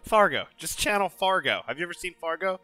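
A man's voice: high-pitched, expressive, fairly quick, loud music behind the voice. A man hosting a casual gaming stream, laughing often and teasing his co-hosts. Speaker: podcast host.

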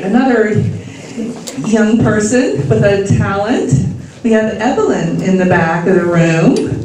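A woman introduces the next act in a relaxed, chatty manner, pausing to find her words. She is picked up from far off in a very echoey hall, with clear background noise. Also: medium pitch. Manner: relaxed and chatty, with small hesitations. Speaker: emcee. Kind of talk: casual stage introductions. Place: church hall with audience.

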